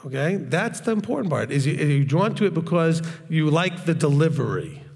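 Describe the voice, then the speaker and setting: A man's voice: on the high side, expressive, fairly quick, gravelly, a little mellow, long reverb tail. A man teaching the Bible in a blunt, hard, straightforward way, often checking in with his listeners. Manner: conversational, asks the audience questions. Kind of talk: informal recorded teaching.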